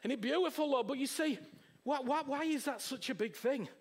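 A man delivering a sermon in a notably high voice. He preaches with passion and keeps pressing the congregation with questions. His delivery swings between hushed near-whispers and loud exclaiming. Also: a little fast. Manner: impassioned, with repeated rhetorical questions to the audience.

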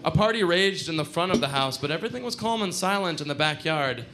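Young guy, fairly high voice, cursing storyteller with wry, lively timing. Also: quick pace. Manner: profane, wry, animated delivery. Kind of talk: live storytelling performance.

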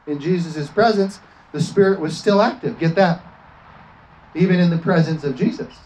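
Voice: mid-range voice, a little mellow, rough recording. A preacher giving a fervent sermon, often asking the congregation for an amen and slipping into acted quotes.

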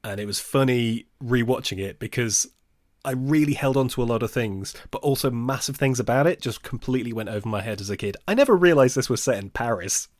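A man's voice: medium pitch, brisk, dry recording, clean studio sound. Chatty man reviewing films. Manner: chatty, laughs often, jokey asides. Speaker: podcast co-host. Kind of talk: casual film discussion podcast.

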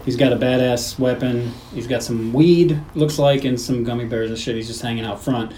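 A man's voice: medium pitch, moderate pace, a little hiss or hum, poor audio. A man co-hosting a podcast, casually recapping a film and acting out its lines with lots of swearing. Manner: animated retelling, acting out movie lines. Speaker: podcast host. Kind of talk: casual movie recap chat.

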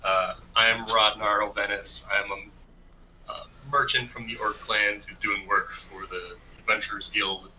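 Bright, distant male player. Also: fairly low pitch, steady tone, unhurried, slight background noise. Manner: hesitant, casual with fillers. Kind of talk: tabletop game role-play.

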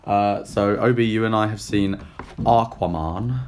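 A man with a slightly croaky, low voice hosts a casual film podcast. He chats loosely and jokes at his own expense. A faint hum of background noise sits behind him. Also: a little slow. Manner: relaxed, chatty, self-deprecating. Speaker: podcast host. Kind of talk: casual film review chat.

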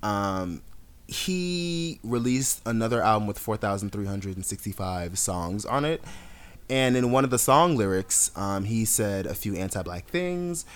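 A young adult man co-hosting a podcast, chatting casually with an animated, sassy storytelling style and frequent laughs. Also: fairly low pitch, unhurried, smooth. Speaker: podcast co-host. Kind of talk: casual chat.

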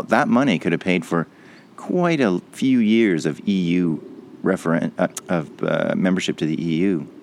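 A man's voice: sits low, a little hiss or hum. A man hosting a podcast, ranting angrily, swearing often and mocking the people he talks about. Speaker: podcast host. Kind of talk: angry solo podcast rant.

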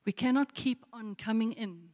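A woman's voice: a little high, normal speed, warm tone. A woman preacher giving a sermon, telling a story and asking her listeners again and again to imagine it. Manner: storytelling with repeated rhetorical questions. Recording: long hall reverb.

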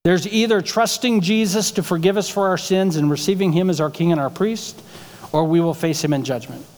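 A male pastor delivers a sermon in a church sanctuary, talking with the room and tossing out rhetorical questions. His voice sits high for a man. A long reverb trails behind his words. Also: fairly quick, a little mellow. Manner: conversational preaching with rhetorical questions.

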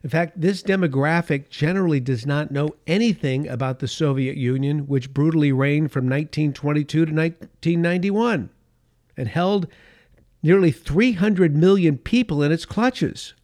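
A man, middle-aged or older, delivering an opinion monologue as a political commentator, emphatic, repeating key phrases for stress and dropping into soft asides. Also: on the high side, normal speed.

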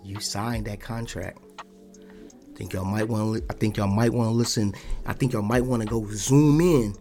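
Speaking in a voice on the low side, this podcast host holds forth in a casual monologue. He's blunt and defiant, curses freely, and keeps restarting sentences.

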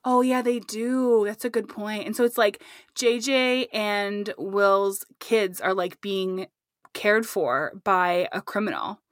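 A young adult woman co-hosting a podcast in casual, animated chat, laughing often. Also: mid-range voice, slow pace, no echo, clean studio sound. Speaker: podcast co-host.

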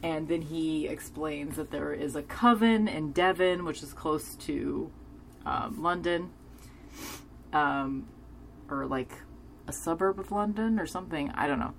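A woman's voice: deep voice, unhurried, a little hiss or hum. A woman casually recapping a TV episode in a rambling way, hedging with lots of fillers and gushing over scenes she loves. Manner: gushing and enthusiastic; drinking beer while talking.

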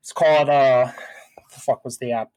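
A man's voice: medium pitch, normal speed, dry recording. A young man in casual chat, venting profanely about his call-center job and telling stories with lots of swearing. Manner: profane, venting, animated storytelling. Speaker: podcast co-host.

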